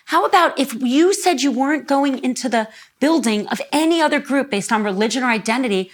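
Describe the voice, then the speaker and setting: A woman's voice: high voice, lively intonation, fast talker, few pauses. A woman in her fifties, a guest in an emotional living-room interview, speaking earnestly and close to tears. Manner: earnest, voice rises when emotional. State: near tears.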